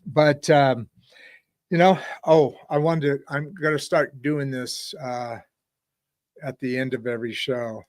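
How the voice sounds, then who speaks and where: A middle-aged man hosting a podcast, talking casually to viewers in a rambling, halting way with many restarts. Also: medium pitch, steady tone, no room sound. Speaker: podcast host. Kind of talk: casual solo talk to viewers.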